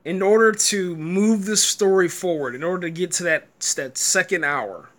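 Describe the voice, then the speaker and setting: A man's voice: high-pitched, normal speed, fairly bright tone. A man giving a casual, exasperated review rant, stumbling and repeating words and breaking into laughter. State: tired, early morning.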